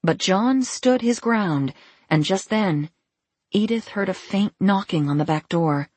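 A woman narrating a novel in a calm storytelling manner. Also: medium pitch, measured pace, slightly rough, no echo. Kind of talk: scripted narration.

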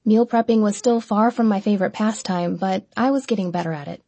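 Husky woman narrating an audiobook. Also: medium pitch, a little fast, mellow, dry recording. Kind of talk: scripted first-person narration.

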